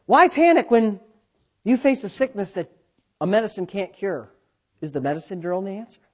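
Animated preaching man, dull lo-fi sound. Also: high-pitched, normal speed. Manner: animated preaching, swings between loud and quiet. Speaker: pastor. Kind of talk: sermon.

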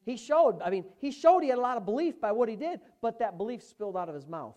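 A woman preaching a sermon, emphatic, swinging from hushed asides to loud, fervent exclamations. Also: a little high, sing-song, a little fast, few pauses.

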